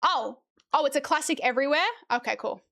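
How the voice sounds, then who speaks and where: A young woman chats on her stream, her voice pitched high. She reads a picture book aloud in a playful, jokey way and drops swear words for laughs. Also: brisk, creaky, sharp tone. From Australia. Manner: chatty, playful, swears while reading. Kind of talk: casual chat, reading a kids' book aloud.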